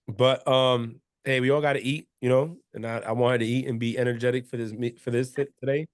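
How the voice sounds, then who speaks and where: A man hosting a casual sports podcast, chatting in a relaxed, conversational way with frequent restarts. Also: mid-range voice, brisk, smooth, no echo, clean studio sound. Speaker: podcast host.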